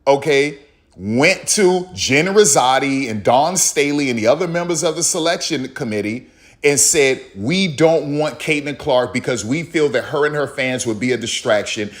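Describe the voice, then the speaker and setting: A man speaking at a middle pitch, holding forth in an emphatic one-man sports commentary. He hammers his points with repetition and rising insistence, slipping into quoted voices of the people he talks about. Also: lively intonation, normal speed. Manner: heated, repetitive, emphatic, acts out others in quotes. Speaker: commentary channel host. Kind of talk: opinionated sports commentary monologue.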